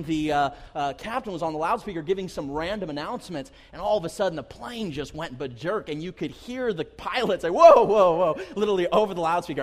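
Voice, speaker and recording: A pastor delivers a sermon, his voice set a little above the usual male pitch. He tells stories with animation, calls out to the congregation and repeats words mid-thought. His voice rings with the long reverb of a church sanctuary. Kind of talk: sermon with personal travel stories.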